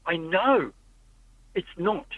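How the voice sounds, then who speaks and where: Speaking slowly with lively intonation in a voice that sits high, a podcast host rambles through stories during a casual car chat. He acts out the people he quotes, and the tinny, phone-like recording is dry with no echo.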